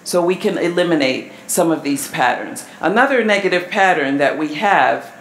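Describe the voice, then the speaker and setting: A woman giving a live seminar talk to an audience, measured and asking the crowd questions. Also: lowish voice, animated. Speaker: family seminar presenter. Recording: echoey hall with faint room noise.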